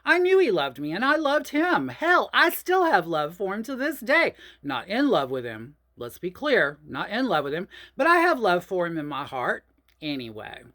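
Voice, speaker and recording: A woman, telling a personal story in a chatty, profane, animated way. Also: medium pitch, moderate pace. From New Orleans, USA. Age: 50s. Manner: animated, profane, chatty, addresses listeners as y'all. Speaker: host.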